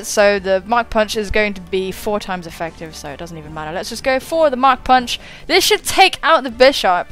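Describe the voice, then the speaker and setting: A woman's voice: mid-range voice, lively intonation, moderate pace, a bit bright, soft background music. A young woman giving casual, chatty commentary on a game battle, swearing and mocking her own moves. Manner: chatty, self-mocking, swears and laughs often. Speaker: gaming YouTuber.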